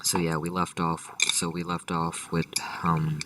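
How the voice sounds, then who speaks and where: A man's voice: sits low, monotone, measured pace, recorded from a distance, heavy background noise. A man telling an improvised comedic story in a rambling, profane way, full of restarts and side remarks. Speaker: storyteller host.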